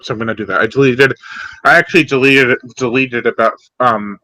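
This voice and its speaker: A man's voice: mid-range voice, steady tone, fairly quick, sharp tone, dry recording. A man hosting a casual chat with friends, easygoing and laughing often. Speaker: channel host.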